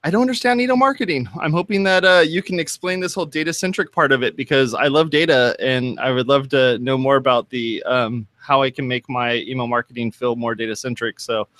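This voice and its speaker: A man's voice: mid-range voice, brisk, hardly any pauses, a bit bright, dry recording. A man hosting a talk show in a casual, upbeat, chatty way. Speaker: host.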